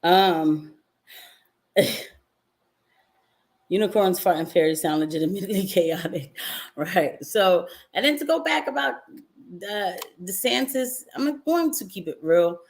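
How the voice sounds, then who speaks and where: A woman's voice: on the low side, measured pace, pauses often. A young woman, a nurse, chatting casually on a livestream, reading viewer comments and slipping into mocking voices. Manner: animated, swings into mocking quoted voices, laughs often. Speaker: nurse and political vlogger.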